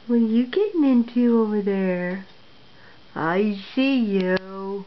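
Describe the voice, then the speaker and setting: Mom on a lo-fi home video, slow bouncy voice coaxing her toddler, says the same little things again and again. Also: medium pitch, expressive. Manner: gentle sing-song coaxing, repeating short phrases. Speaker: mother. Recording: dull lo-fi home recording, faint room noise.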